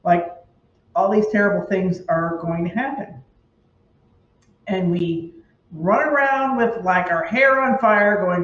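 A woman's voice: medium pitch, unhurried. A woman talks casually to her tarot viewers, telling stories and acting out her own anxious reactions with a chatty ease. Her mid-range voice sounds far from the mic. The room adds echo, and the dull, lo-fi sound takes the edge off her words. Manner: chatty storyteller, dramatizes her worries. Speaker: tarot channel host. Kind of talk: casual talk to camera. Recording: roomy, distant, dull lo-fi sound.

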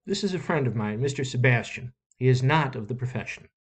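A man reading aloud, voicing a polite young male stage actor who speaks in a formal, courteous and measured way. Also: medium pitch, expressive, slightly rough.

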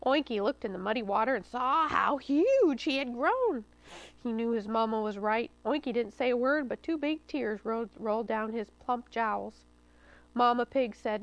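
Lively high-voiced storytime reader, woman, dry studio. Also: normal speed, no room sound, rough recording. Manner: lively and expressive. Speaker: children's librarian. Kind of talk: storytime read-aloud. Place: studio taping for local cable TV.

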